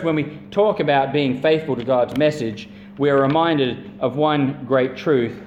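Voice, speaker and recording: A man preaching a sermon as a pastor, earnest and emphatic, repeating phrases and drawing out key words. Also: medium pitch. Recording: echoey room with faint hum.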